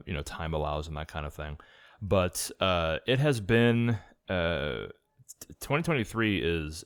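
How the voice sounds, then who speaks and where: A man hosting a casual movie podcast, talking in a halting way with many filler sounds as he sets up the episode. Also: low-pitched, smooth, no echo, studio quality. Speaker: podcast host. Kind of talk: casual movie review chat.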